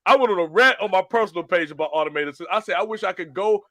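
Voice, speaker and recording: A man hosting a casual talk show, telling stories in an animated way and acting out phone menus. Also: high-pitched, quick pace, no room sound, studio quality. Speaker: show host. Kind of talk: casual podcast chat.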